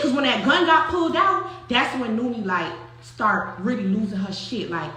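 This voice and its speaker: Animated high-voiced woman telling a story. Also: moderate pace, hardly any pauses, very echoey. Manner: animated, profane, laughs often, acts out quotes. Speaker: storyteller recounting a personal story. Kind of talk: casual storytime chat.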